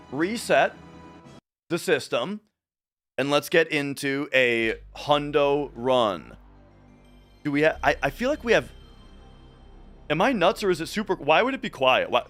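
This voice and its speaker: Minnesota guy w light accent streaming a speedrun, rambly chat, lively up and down voice, faint music behind. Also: on the high side. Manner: rambling, restarts sentences often. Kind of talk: casual livestream chat.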